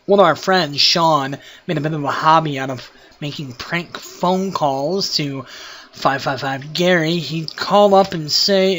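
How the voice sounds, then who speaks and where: A man's voice: fairly high pitch, a little slow, a bit bright, a little hiss or hum. A man hosting a let's play, reading the game text aloud with wry, profane asides.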